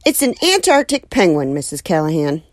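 A woman voicing a mild, courteous man in a storybook reading, explaining things calmly. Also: deep voice, a little fast, no room sound, studio quality. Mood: polite. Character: mild, polite middle-aged man, patient and proper. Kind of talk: audiobook character voice.

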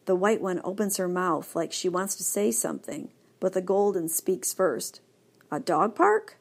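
A woman narrating a children's story in first person, lively and expressive. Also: on the low side, normal speed, gravelly. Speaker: audiobook narrator.

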